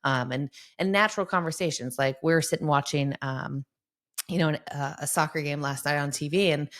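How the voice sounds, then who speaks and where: Fast-talking low-voiced woman guest. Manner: animated, acts out talks with her kids. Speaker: sport psychologist guest. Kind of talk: conversational podcast interview.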